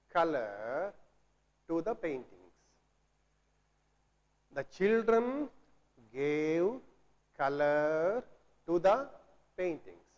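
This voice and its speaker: A man teaching a grammar lesson. He repeats words, asks questions and answers them himself, and clears his throat now and then. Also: fairly high pitch, a little mellow. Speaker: English teacher. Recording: long reverb, as in a hall.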